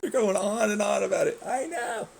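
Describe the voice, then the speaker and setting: A man's voice: high voice, normal speed, gravelly, slight background noise. A young man animatedly telling racing stories in casual chat, swearing and laughing often. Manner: animated, swearing, laughing often, quoting people in mock voices. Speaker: racer.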